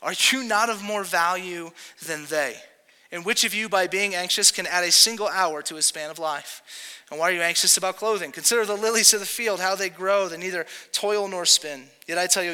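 Bright-voiced preacher man in a hall. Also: on the high side, clean tone. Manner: casual, joking preacher who acts out quotes. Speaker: pastor. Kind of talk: sermon. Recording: long hall reverb.

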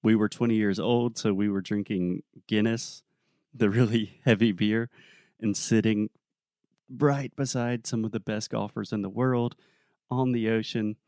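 A young adult man co-hosting a podcast, telling a story in a relaxed, casual way with plenty of fillers. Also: lowish voice, measured pace, no room sound, clean studio sound. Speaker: podcast co-host.

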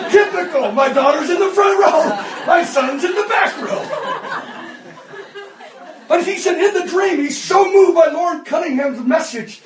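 Man preacher, very high voice, impassioned shouting, heard from afar in a reverberant hall. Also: lively intonation, measured pace, a crowd in the background, background noise. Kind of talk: sermon. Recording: echoey hall, distant mic.

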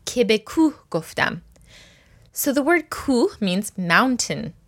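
A woman's voice: fairly high pitch, sing-song. Patient woman teaching word by word. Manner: patient, repeats words slowly for learners. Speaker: language teacher. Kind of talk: step-by-step language lesson.

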